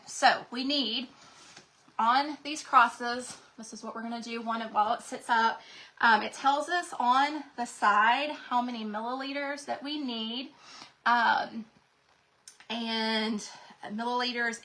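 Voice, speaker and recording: A woman's voice: on the high side, fairly bright tone. A woman hosts a crafting livestream, chatting casually, greeting viewers by name, and sounding congested and out of breath.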